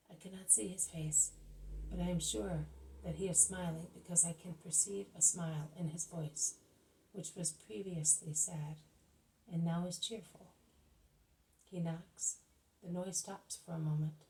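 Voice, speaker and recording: A woman reading a spiritual book aloud, calm and measured, as the channel's reader. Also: on the low side, far from the mic, slight background noise, poor audio. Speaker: audiobook reader.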